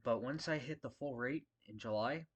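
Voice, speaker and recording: A man's voice: medium pitch, moderate pace, slightly rough. Ranting, profane security guard man. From Las Vegas area. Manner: frustrated, profane, rambling. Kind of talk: casual ranting vlog.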